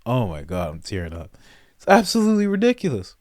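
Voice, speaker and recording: A man doing comedic reaction commentary, animated and mock-incredulous, often breaking into laughter. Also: medium pitch, fast, dry recording, clean studio sound. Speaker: commentary host.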